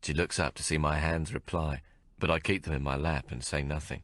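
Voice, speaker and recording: A man reads a first-person novel in a very low, deep voice, holding his pace measured and restrained. He is close on the mic in a dry booth with no room sound. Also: fairly even intonation, a bit bright, dry recording. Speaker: audiobook narrator. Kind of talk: first-person audiobook narration.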